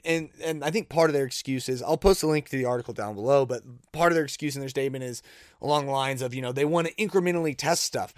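A man's voice: mid-range voice, fast talker, no room sound, clean studio sound. A man hosting a casual solo podcast, rambling and self-deprecating, with bursts of exasperated disbelief. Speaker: podcast host.

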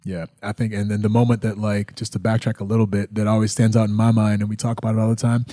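Man telling a lively story, dry sound. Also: on the low side, fast talker, no echo. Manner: lively storyteller, laughs often. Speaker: podcast co-host. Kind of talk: casual chat.

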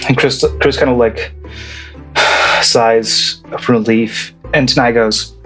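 Relaxed game master narrating. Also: male voice, medium pitch, slow pace, faint music behind.

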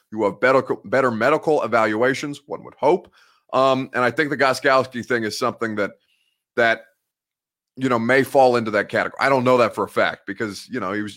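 A man's voice: medium pitch, fairly bright tone. A man hosting a live sports talk show, chatting casually, rambling and correcting himself as he goes. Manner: rambling, self-correcting, joking. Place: home studio.

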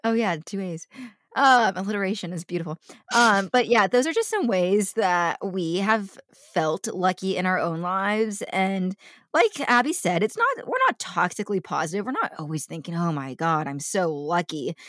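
A woman's voice: mid-range voice, animated, moderate pace, a bit bright, no echo. Bubbly young woman, dry close sound. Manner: bubbly, teasing, laughs often. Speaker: podcast co-host. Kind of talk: casual chat.

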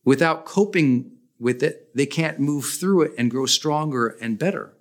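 A podcast host delivers a motivational talk in a voice that's a little high and a little slow. His stress is emphatic, jumping upward on the key points.

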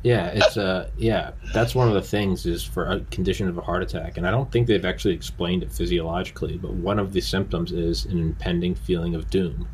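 A man's voice: low voice, steady tone, brisk, few pauses, a little mellow, a little hiss or hum. A man hosting a podcast, chatting casually and rambling through anecdotes. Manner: rambling, acts out quotes in anecdotes. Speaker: podcast host. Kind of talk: casual conversation.

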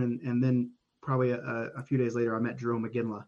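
A man's voice: mid-range voice, quick pace, muffled recording. A man from Oklahoma, a podcast guest telling stories casually, rambling with many restarts and casual swearing. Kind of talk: casual storytelling.

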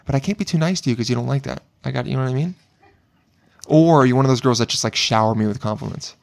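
A man's voice: medium pitch, fast, creaky. A young man hosting a podcast in a laid-back, teasing manner, swearing often. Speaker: podcast host. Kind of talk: casual chat.

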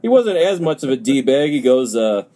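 A man's voice: sing-song, moderate pace, mellow. A young man co-hosting a casual podcast, sarcastic and crude as he picks apart a movie. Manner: crude, sarcastic, mocks voices in high squeaks. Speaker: podcast co-host.

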